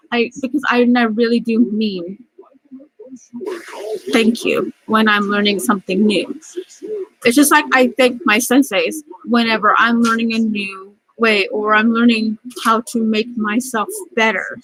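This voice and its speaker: A woman's voice: fairly high pitch, steady tone, measured pace, a bit bright, poor audio. A middle-aged woman telling a rambling, angry story about work in a vlog. She is close to tears and often restarts her sentences. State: near tears. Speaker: vlogger.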